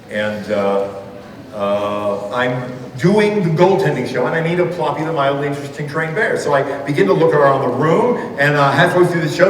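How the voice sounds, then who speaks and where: A man's voice: medium pitch, a little hiss or hum. A man from telling comic stories to an audience and acting out the people in them. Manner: animated, acts out the people in his stories. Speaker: school assembly speaker and storyteller. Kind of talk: comic storytelling talk to an audience. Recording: echoey hall, heard from a distance.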